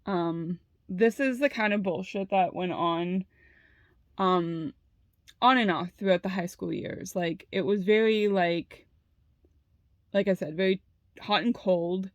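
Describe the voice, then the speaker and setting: A woman's voice: mid-range voice, slow, dry recording, dull audio. A young adult woman telling a personal story in a casual monologue, heated, with lots of "like" and frequent swearing. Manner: heated, fills talk with "like" and swears freely.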